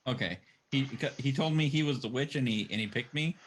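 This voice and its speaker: A man's voice: mid-range voice, fairly quick, a little hiss or hum. A man playing a social deduction game over a voice call, teasing the others and laughing often. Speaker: player. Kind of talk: casual game banter.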